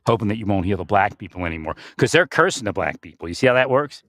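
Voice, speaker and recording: Rambling man with a lively voice. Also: on the low side, fast, no room sound, clean studio sound. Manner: rambling, laughs often, restarts sentences. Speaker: spiritual speaker. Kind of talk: rambling monologue.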